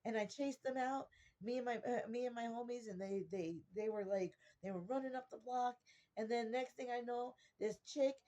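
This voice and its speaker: A woman's voice: a little high, moderate pace, warm tone, muffled recording, voice pushed up, close to an everyday voice. A woman doing a worked-up young guy. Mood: excited. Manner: breathless, worked-up retelling. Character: excited, agitated young male friend.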